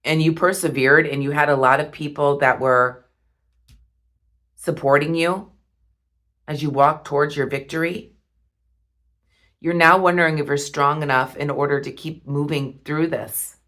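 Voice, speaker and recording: A woman reading tarot cards, talking slowly and softly with heartfelt pauses. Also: low-pitched, steady tone. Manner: slow, soft and heartfelt, with pauses. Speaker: tarot reader.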